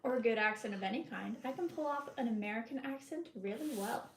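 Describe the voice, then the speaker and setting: A woman's voice: fairly high pitch, expressive, quick pace. A woman co-hosting a casual livestream chat, teasing playfully. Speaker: co-host. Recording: echoey room with faint noise.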